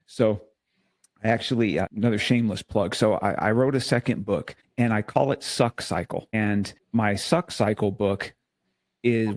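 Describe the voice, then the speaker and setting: A man's voice: fairly low pitch, a little mellow, no echo, studio quality. A man talking earnestly in a casual faith podcast conversation, restarting and repeating words as he tells a story.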